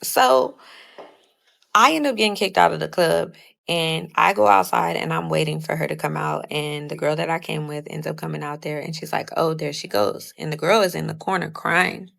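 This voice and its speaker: A woman's voice: sits low, fairly even intonation, normal speed, vocal fry, a bit bright. A young woman casually telling a personal story, retelling it with lots of "I was like" quotes.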